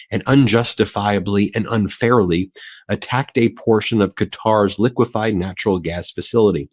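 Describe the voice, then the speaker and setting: Male commentator, low voice, dry close sound, emphatic and scornful. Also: dry recording. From United States. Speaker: political commentator. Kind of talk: political commentary video.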